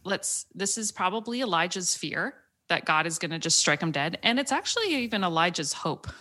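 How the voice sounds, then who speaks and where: A woman co-hosting a casual Bible study discussion, talking in an earnest, reflective way and slowing down to stress her points. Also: on the low side, very animated, bright, forceful tone. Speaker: podcast co-host.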